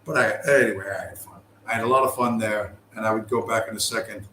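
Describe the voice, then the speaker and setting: Quick-paced and sharp, this middle-aged podcast host from the United States has a fairly low, steady voice as he launches into a long, profane, wandering story in casual conversation. He leans on fillers and keeps restarting. The room sounds open, with a little background noise.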